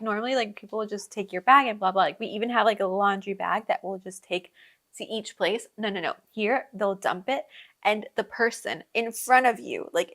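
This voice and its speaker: A young adult woman hosting a podcast, telling casual travel stories in a chatty way, with frequent laughs and lots of fillers. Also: fairly high pitch. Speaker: podcast host. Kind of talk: casual storytelling.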